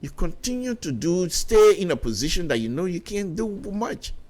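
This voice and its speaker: A man's voice: high voice, very animated, normal speed, a little mellow. A middle-aged man with a Liberian English accent giving impassioned political commentary on radio, repeating himself and stumbling over restarts. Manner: impassioned, repetitive, stammering restarts.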